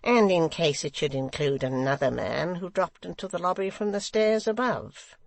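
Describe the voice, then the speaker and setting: A man's voice: on the high side, vocal fry, no room sound, voice pushed up. A man doing a cold, sneering secretary. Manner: measured and mocking, with cold sneers.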